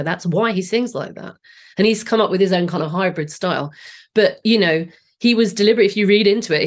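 A woman in her late forties with a Southeast English accent, a singing teacher guest explaining her ideas with enthusiasm and frequent restarts. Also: on the low side. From Southeast England. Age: 40s. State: voice a bit off today. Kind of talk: podcast interview.

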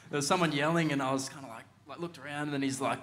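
A man's voice: a little high, fairly even intonation, fast, a bit bright. A young Australian man, a surfer guest, telling stories in a laid-back way with frequent laughs. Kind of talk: casual podcast chat.

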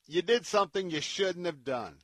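A man hosting a Christian radio talk show, speaking in an earnest, preacherly way and dropping to a hushed tone when he tells a story. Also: sits high, expressive, moderate pace, no echo. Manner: earnest, preacherly, drops to a hush for stories.

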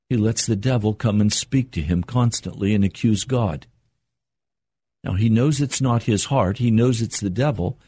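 An older man delivers a broadcast sermon with a husky, slightly breathy voice. He preaches earnestly and slows down to stress key points. The recording is dry and close. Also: lowish voice, dark tone, no echo. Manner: earnest, measured preaching with slow emphatic pauses.

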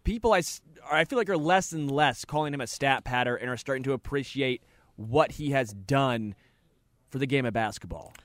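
A man's voice: medium pitch, a bit bright, no echo. Dry-sounding joking sports radio man. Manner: joking, teasing, quick opinions. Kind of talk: sports talk radio banter. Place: radio studio.

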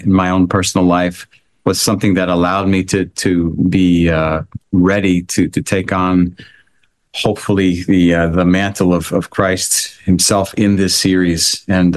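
A man, an actor being interviewed, answering thoughtfully with frequent fillers and restarts. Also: low voice. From American. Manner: halting, many restarts and fillers. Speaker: actor guest.

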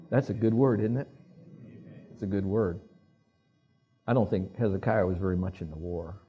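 Older male pastor, husky voice, acts out quotes, call-and-response sermon. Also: lowish voice, moderate pace, long pauses, highs cut off, soft background music. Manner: animated, acts out quoted voices, asks the congregation to repeat.

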